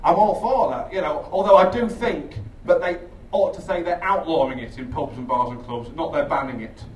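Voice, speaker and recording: A man doing a rambling, sweary, self-mocking stand-up set on a theatre stage, with bursts of shrill shouted impressions. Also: moderate pace. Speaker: stand-up comedian. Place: theatre stage with a laughing audience. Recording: echoey live room, distant, audience noise.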